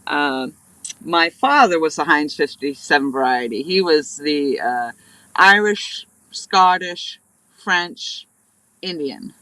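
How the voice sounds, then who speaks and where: Woman live-streaming from a riverbank, chatty and rambling, very bright tone, dry close sound. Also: low voice, animated, takes it slowly, no echo, low-quality recording. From New Hampshire. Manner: rambling, chatty, greets viewers by name mid-story. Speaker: livestream host. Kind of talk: casual live-stream chat. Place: outdoors on a riverbank, fishing.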